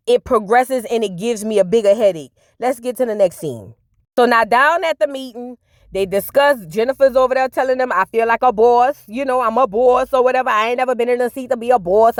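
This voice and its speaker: A woman's voice: mid-range voice, dry recording, studio quality. A woman giving casual, sassy reaction commentary, telling the story in slang and acting out the people she quotes. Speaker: reality TV recap host.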